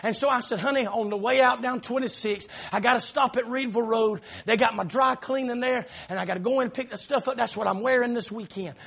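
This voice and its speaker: A middle-aged man with a Southern accent preaching a sermon in church, telling a long story with frequent "uh" fillers and loud shouted peaks. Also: very high voice, fairly even intonation, a little fast, gravelly, few pauses, husky. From South Carolina.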